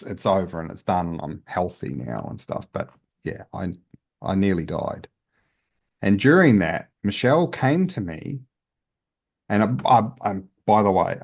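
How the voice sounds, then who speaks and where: A man's voice: deep voice, a little mellow. A man, a guest healer, telling his story in a casual interview in an earnest, open way with many restarts.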